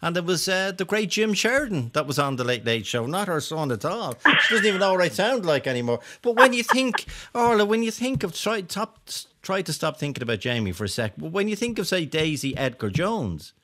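A man's voice: on the high side, very animated, fairly quick, few pauses, bright, forceful tone. A man with an Irish accent hosting a radio show, chatting casually in a teasing, playful way. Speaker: radio host.

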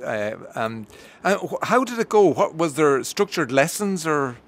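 A man hosts a radio interview in a jovial, teasing way. He often says his phrases twice. His voice sits rather high for a man. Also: big pitch swings, measured pace. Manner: jovial and teasing, repeats himself. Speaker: radio host.

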